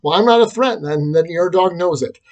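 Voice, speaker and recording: A man's voice: sits high, normal speed, darkish tone, dull audio. A man talking through a reflective personal vlog, rambling and self-deprecating, with frequent restarts. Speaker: vlogger and teacher.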